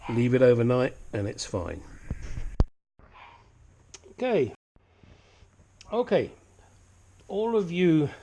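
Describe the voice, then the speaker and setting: A man's voice: mid-range voice, a little mellow, a little hiss or hum. Chatty man explaining a repair. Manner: chatty, joking asides. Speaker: DIY car repair vlogger. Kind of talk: casual how-to tutorial. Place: home workshop in the desert.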